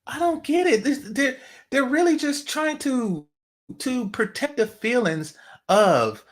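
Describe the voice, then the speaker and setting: Here the Bay Area commentary host's voice is very high-pitched and animated, yet his pace stays slow. The man's casual monologue is full of profanity, and he mocks and repeats phrases for effect. He hails from the San Francisco Bay Area.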